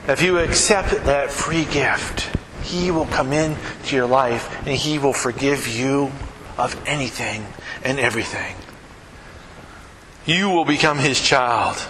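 A man preaching a sermon in a church, earnest, swinging between loud emphasis and hushed softness and slowing down to quote scripture. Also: medium pitch, slight background noise. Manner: slows down when quoting scripture. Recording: echoey room.

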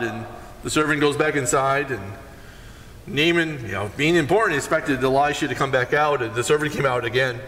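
A man preaching a sermon and retelling a Bible story with animated storytelling, acting out the characters. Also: medium pitch, moderate pace, long reverb tail. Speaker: pastor.

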